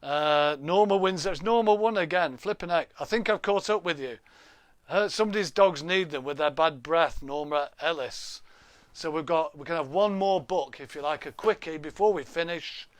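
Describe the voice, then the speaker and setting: A man's voice: a little high, normal speed, no room sound. Chatty man hosting a live stream. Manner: chatty, jokey, reads out viewer names, laughs often. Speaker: livestream host. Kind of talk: casual live stream chat. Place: home room. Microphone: laptop webcam.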